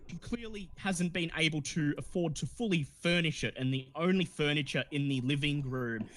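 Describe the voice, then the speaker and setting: A man's voice: a little high, moderate pace, a bit bright. A man narrating a tabletop horror game as game master, in a descriptive, wry way.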